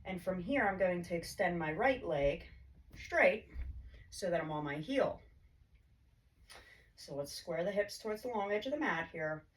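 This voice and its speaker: A woman yoga instructor calmly cueing poses and breaths in a guided class, her throat a little choked up. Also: lowish voice, measured pace, long pauses. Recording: distant mic with faint background hiss.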